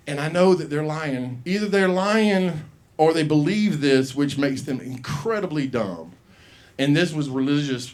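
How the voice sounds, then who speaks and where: A man's voice: mid-range voice, darkish tone. A man telling a profane story as a stand-up comic at an open mic, acting out the people he quotes. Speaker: stand-up comedian. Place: comedy club stage.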